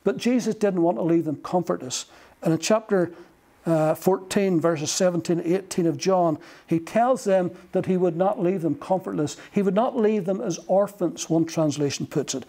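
Slow, emphatic preacher, high voice. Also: male voice, creaky, mellow. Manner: slow, emphatic delivery with long pauses. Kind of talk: sermon.

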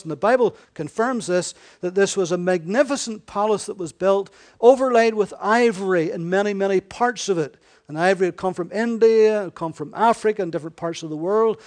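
A man preaching a sermon in a conversational way, often correcting himself and voicing scripture as dialogue. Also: high voice.

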